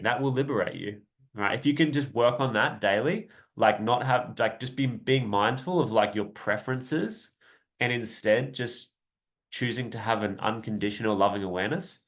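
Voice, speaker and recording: A young man with a lowish voice gives a laid-back coaching talk on a live stream. He rambles in a friendly way and tags many lines with "right?", now and then with a light laugh. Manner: relaxed, rambling, often adds "right?". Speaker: self-help coach.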